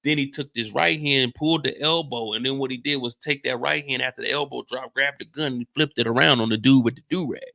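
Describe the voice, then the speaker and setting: A man gives a comedic, slangy recap of a TV episode, animatedly acting out scenes as he goes. His mid-range voice is gravelly and a little fast, with few pauses, in a dry, clean studio recording.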